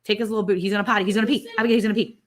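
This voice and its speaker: A woman's voice: medium pitch, fairly even intonation, racing. A woman co-hosting a live ranch stream, telling stories in a chatty, rambling way. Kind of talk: casual live-stream chat.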